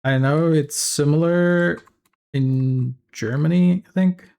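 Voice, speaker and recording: A streamer from Africa, chatting casually and haltingly, trailing off and correcting themselves mid-sentence. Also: mid-range voice, creaky, dark tone, clean tone. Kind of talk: casual stream chat while working.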